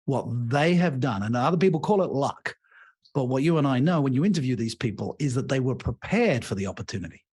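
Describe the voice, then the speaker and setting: A leadership coach and author tells stories expansively in a podcast interview, acting out the voices of the people he describes. His mid-range voice is brisk with a breathy edge, and his manner is animated.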